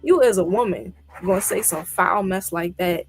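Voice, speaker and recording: A woman's voice: fairly low pitch, moderate pace, soft background music. A woman guest in a casual discussion, talking emphatically with indignant rhetorical questions. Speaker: guest commentator.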